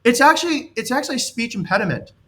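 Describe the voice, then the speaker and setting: A man's voice: very high voice, expressive, quick pace, pushed and bright. A man leading a team session, coaching on leadership in a rambling, anecdotal way and chuckling as he explains.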